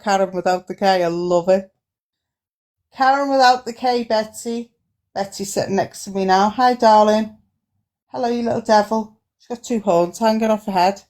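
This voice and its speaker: A woman putting on a brash, foul-mouthed Australian character with a put-on Australian accent, rambling loudly in improvised comedy role-play on a live stream. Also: mid-range voice, lightly acted. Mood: chatty. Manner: loud, sweary, rambling.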